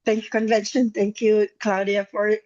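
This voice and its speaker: A woman telling an emotional personal story on a video call, halting and near tears, repeating herself as she speaks. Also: medium pitch, level tone, darkish tone, highs cut off. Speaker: guest member sharing a story. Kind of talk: emotional testimonial on a group call.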